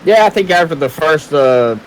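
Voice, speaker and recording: A man's voice: a little high, expressive, moderate pace, slight background noise. A man as co-commentator on a sim race, adding casual, agreeable remarks. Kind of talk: sim racing broadcast commentary.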